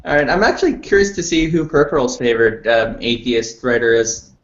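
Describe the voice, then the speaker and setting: A man's voice: medium pitch, lively intonation, normal speed. A man steering a casual online debate chat, asking questions with hesitant fillers over a video call. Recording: roomy, dull lo-fi call audio.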